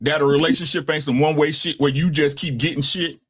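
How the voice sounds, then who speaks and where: A man's voice: on the high side, steady tone, fast talker, slightly rough. A man in his sixties, co-hosting a casual talk show, speaks bluntly and with a lot of profanity, often tagging his points with "right?". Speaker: podcast co-host.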